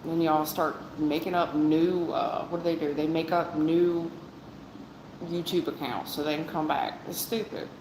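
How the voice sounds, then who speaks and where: Streaming a tarot reading, a woman speaks directly to her chat, calling viewers baby and hon in a blunt, slightly sarcastic way. Her low voice moves unhurriedly with fairly even intonation. The room is echoey, and background noise is clearly audible.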